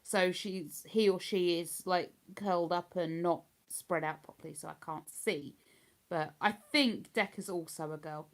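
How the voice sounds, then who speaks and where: A woman's voice: fairly low pitch, fairly even intonation, measured pace. An older woman from Hertfordshire with an accent between posh and London, chatting casually on a livestream and answering viewer comments. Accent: Hertfordshire English, between posh and London. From Hertfordshire, England. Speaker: livestream host.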